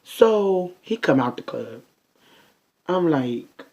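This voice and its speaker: Young guy doing a storytime vlog, chatty n animated, muffled lo-fi audio. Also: on the high side, slow, long pauses. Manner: animated, chatty, addressing viewers. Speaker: vlogger.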